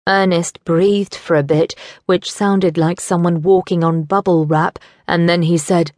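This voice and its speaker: A woman narrating a teen novel in first person, measured and wry. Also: on the low side, fairly even intonation, a little mellow, no room sound, studio quality. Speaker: audiobook narrator. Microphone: studio microphone.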